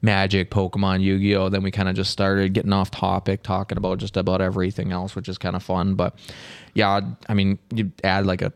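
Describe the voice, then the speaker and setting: A man from Canada hosting a casual podcast chat, talking in quick rambling runs and correcting himself as he goes. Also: low-pitched, completely flat delivery, creaky, clean tone. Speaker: podcast host.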